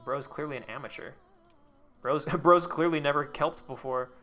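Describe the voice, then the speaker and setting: Young male streamer, bright voice, loose joking banter with chat and casual swearing over faint background music. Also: fairly high pitch, normal speed. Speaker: live streamer. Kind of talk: casual gameplay commentary.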